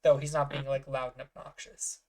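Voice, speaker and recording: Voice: mid-range voice, flat delivery, fairly quick, a little mellow. A game master narrating a tabletop game in a casual, filler-heavy way, working out rules aloud.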